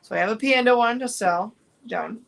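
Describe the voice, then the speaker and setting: A woman's voice: a little high, moderate pace, gravelly, low-quality recording. A woman chatting casually on a home crafting livestream, rambling with fillers and restarts. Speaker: crafting vlogger.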